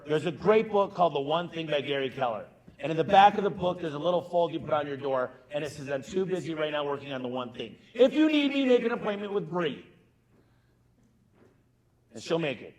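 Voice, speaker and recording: Man, middle-aged, keynote speaker, emphatic, slightly high voice. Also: poor audio. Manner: punchy, emphatic, talks straight to the crowd. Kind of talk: energetic conference keynote. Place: conference stage.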